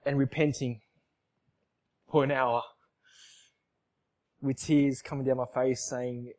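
A man giving an emotional church testimony, emphatic and repetitive, swinging from loud outbursts to soft, hushed lines. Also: mid-range voice, level tone, slow, pauses often. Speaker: speaker giving a personal testimony.

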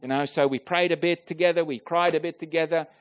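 Male preacher, high voice, heartfelt sermon testimony, talks straight to the congregation. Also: fairly even intonation, fast talker, smooth. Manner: earnest and emotional, swelling loud on key points; addresses the congregation directly with questions. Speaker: preacher giving a personal testimony.

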